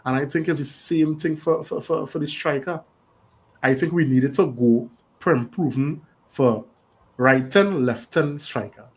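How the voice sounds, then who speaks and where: A man's voice: a little high, a little slow, poor audio. A man on a fan panel in casual chat over a video call, thinking aloud and checking in with "right?" after his points.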